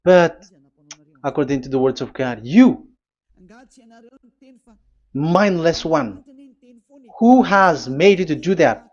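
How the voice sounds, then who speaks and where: Man, sermon, higher voice, emphatic questions, dull lo-fi sound. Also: lively intonation, slow pace, pauses often, a little mellow. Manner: emphatic, rhetorical questions, frequent fillers. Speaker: preacher. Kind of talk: sermon with scripture reading. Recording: slightly dull lo-fi audio.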